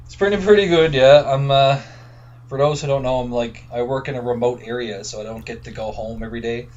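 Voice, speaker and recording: A man's voice: mid-range voice, fairly quick, a little mellow. A man with a Newfoundland accent co-hosting a podcast over the phone from a remote work camp, wry and gossipy. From Newfoundland, Canada. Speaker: podcast co-host. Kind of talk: casual chat. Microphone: phone line. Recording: dull phone audio with faint noise.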